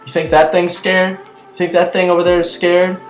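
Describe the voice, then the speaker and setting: An older male time traveler rallies a scared kid, emphatic and urgent, rising a little in pitch, as a young man acts out the line. The voice rings around an echoey room, with faint music underneath. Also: little pitch movement, moderate pace, close to an everyday voice. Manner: urgent, emphatic rallying talk.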